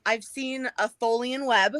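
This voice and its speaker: A woman's voice: on the high side, fairly even intonation, measured pace, crowd noise. A woman co-hosting a casual fan chat, bubbly and giggly, full of "like" and "um". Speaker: podcast co-host.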